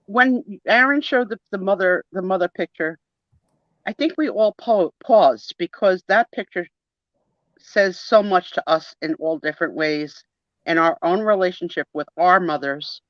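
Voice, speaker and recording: A woman co-hosting a live photo sale, chatting warmly and telling a story with laughs. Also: on the low side, unhurried, dry recording. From Italian-American family. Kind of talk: casual livestream chat. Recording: dull dry sound of a video call.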